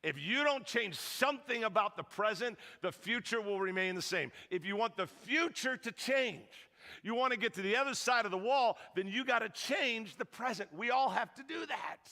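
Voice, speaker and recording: A man preaching a sermon as a pastor, telling a story in an animated, joking way and acting out the lines of the people in it. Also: high voice, moderate pace. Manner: animated, joking, acts out quotes. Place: church hall. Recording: long reverb of a large hall.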